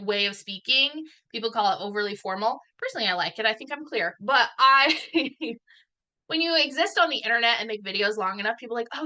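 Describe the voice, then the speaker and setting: Woman, thirties, bright clear voice, casual speaker, chatty, self-deprecating, acts out quotes. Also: medium pitch. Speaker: guest speaker. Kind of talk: casual talk at an online event.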